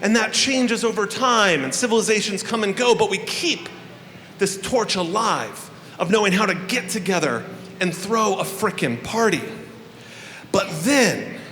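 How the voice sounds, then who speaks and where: A man with a high, sharply bright voice hosts a live show on a handheld microphone, talking to the crowd in a playful, swearing, theatrical way. His voice rings through a large, echoey hall with a long tail, over a faint hum of room ambience. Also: expressive, measured pace. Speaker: stage host opening a live festival. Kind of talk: live stage address to an audience.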